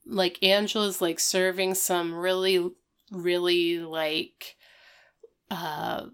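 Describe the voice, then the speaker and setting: A woman's voice: lowish voice, flat delivery, clear, resonant tone. A woman co-hosting a casual chat, recapping scenes in a chatty, playful way. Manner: chatty, quick recaps with playful quoted lines. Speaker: podcast co-host recapping a TV episode.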